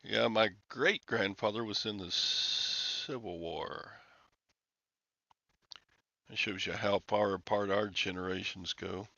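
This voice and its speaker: Older man, livestream host; bright, forceful gravelly voice, slow rambling chat. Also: on the low side, dry recording. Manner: rambling, chuckling, sighing. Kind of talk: casual chat with viewers. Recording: dull lo-fi, dry sound.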